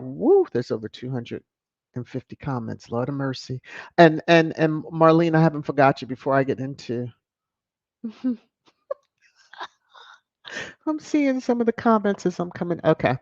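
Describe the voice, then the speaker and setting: A sassy, mocking video-channel commentator reads headlines and viewer comments aloud, chuckling often. The mid-range voice is expressive and a little mellow at a normal speed. It's captured dry on a close mic with dull lo-fi quality and no room sound.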